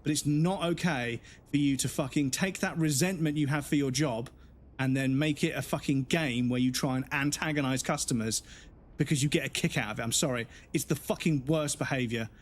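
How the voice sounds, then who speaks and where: A man's voice: mid-range voice, slight background noise. A man streaming a game, a father, ranting bluntly and swearing in casual talk. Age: adult with children. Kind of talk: casual live-stream rant.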